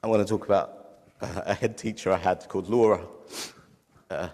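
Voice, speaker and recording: A man's voice: deep voice, fairly even intonation, normal speed, darkish tone. A middle-aged man giving a heartfelt sermon as a preacher. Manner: heartfelt, tearful at times. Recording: long hall reverb.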